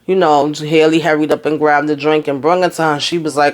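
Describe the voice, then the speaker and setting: Male TV reviewer, slightly high voice, rambling animated storyteller, casual recap. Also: brisk. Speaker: TV show reviewer.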